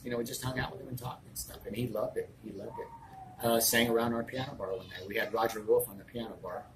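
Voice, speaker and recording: A man's voice: mid-range voice, little pitch movement, fast. An older man who runs a restaurant, telling anecdotes to an interviewer in a rambling way, full of fillers. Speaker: restaurant owner. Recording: noisy room ambience.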